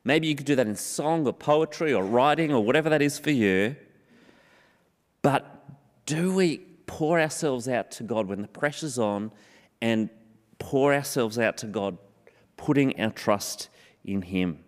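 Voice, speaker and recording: A man preaching a sermon in an earnest way, slowing down on scripture and repeating key phrases for emphasis. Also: mid-range voice, animated. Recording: long hall reverb.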